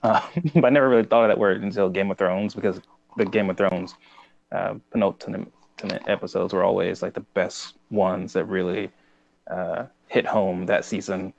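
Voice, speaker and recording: A man co-hosting a casual podcast, halting and stumbling over his words. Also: low voice, fairly even intonation, creaky, lo-fi sound. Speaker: podcast co-host. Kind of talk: casual chat.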